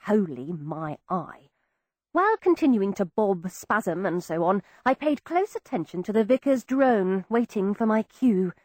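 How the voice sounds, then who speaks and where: A woman reading a first-person audiobook in an expressive, wry storytelling manner. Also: medium pitch, moderate pace, few pauses, no room sound, clean studio sound. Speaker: audiobook narrator. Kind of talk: scripted first-person narration.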